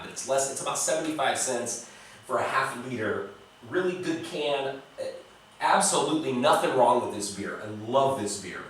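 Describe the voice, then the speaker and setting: A man's voice: mid-range voice, recorded from a distance, background noise. American male vlogger, blunt and cussing, casual beer review, very echoey room, a bit off-mic. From United States. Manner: blunt and profane, talks to the viewer.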